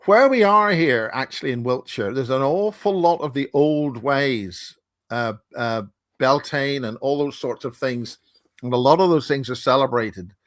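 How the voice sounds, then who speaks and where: Belfast man, mid-pitched, joking and rambling on a dry video call. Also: measured pace, dry recording. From Northern Ireland. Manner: rambling, joking, self-interrupting. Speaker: guest, conference founder. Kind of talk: casual chat. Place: home in Wiltshire.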